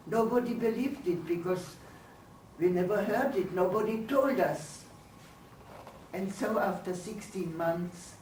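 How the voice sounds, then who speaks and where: An older woman giving her testimony as a lecture, speaking slowly and searching for words. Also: fairly low pitch, a little mellow, a little hiss or hum. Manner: slow, halting, searching for English words. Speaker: Holocaust survivor giving testimony. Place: lecture hall. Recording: roomy hall, voice from far off.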